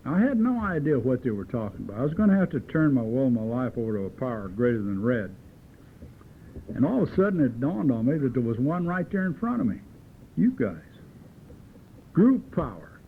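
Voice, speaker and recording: A man's voice: mid-range voice, very animated, fairly quick. Folksy man telling a recovery story. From Southern California. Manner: folksy, joking, earthy storyteller. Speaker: AA meeting speaker. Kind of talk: recovery talk at a meeting, storytelling. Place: meeting room at a podium. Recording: old phone-like tape with faint hiss.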